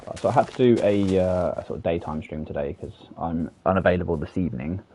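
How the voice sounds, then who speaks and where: Deep-voiced British man chatting while gaming. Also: fast talker, warm tone, slight background noise. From United Kingdom. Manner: chatty, self-deprecating, rambling with frequent fillers. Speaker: streamer. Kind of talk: casual gameplay commentary. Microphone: desk microphone for streaming.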